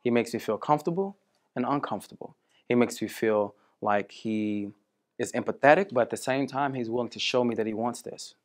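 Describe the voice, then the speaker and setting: A man's voice: medium pitch, fairly quick. A man coaching a student on dating, telling stories and acting out both sides of conversations. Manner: animated storytelling, acts out quoted women.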